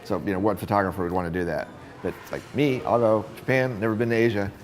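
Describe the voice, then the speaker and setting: A middle-aged man with a low voice recounts his years as a photographer, acting out the people he met as he goes. The low voice stays easy and conversational. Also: fast talker. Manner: animated storyteller acting out quoted voices. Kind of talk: storytelling interview.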